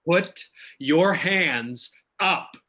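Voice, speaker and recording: A woman's voice: sits low, expressive, very slow, sharp tone, roomy sound, heavily acted. A woman voicing a male police officer in a play reading, speaking with menace and command. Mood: threatening.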